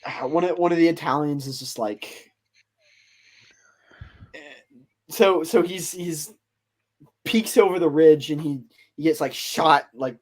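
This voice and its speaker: A man's voice: a little high, measured pace, long pauses. Rambling male podcast storyteller. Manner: rambling, filler-heavy retelling. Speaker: podcast host. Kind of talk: casual storytelling chat.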